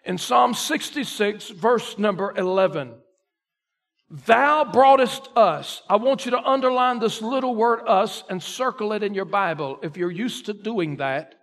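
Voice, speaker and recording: A man pastor preaching a sermon, reading scripture slowly and building to loud emphatic peaks. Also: high voice. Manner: voices a questioning listener in first person.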